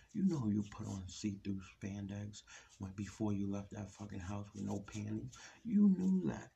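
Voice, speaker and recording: A man's voice: fairly low pitch, creaky, mellow, a little hiss or hum. A man giving a blunt, ranting opinion monologue, firing rhetorical questions at his audience. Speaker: vlogger. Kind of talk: solo opinion rant to camera.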